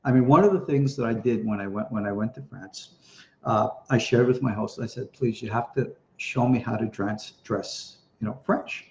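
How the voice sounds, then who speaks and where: A man's voice: mid-range voice, normal speed, darkish tone, slight background noise. An American man, a rabbi, teaching an informal Torah class in a chatty, digressive way. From United States. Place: home studio in Tennessee. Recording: roomy, dull-sounding room recording.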